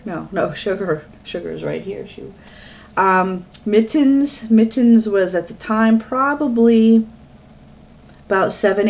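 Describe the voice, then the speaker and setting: A middle-aged woman from the US East Coast, chatting alone to her webcam at home in a rambling way, often breaking off mid-sentence. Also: medium pitch. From Pennsylvania, US East Coast. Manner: rambling, chatty, self-interrupting. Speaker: vlogger. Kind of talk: casual talk to webcam.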